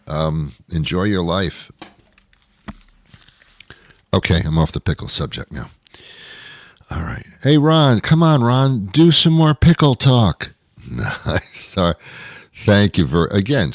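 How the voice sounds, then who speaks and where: Deep-voiced man ranting with sarcasm. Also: gravelly, no room sound, clean studio sound. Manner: sarcastic rambling humor with frequent self-corrections and laughs. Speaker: podcast host. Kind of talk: comedic monologue.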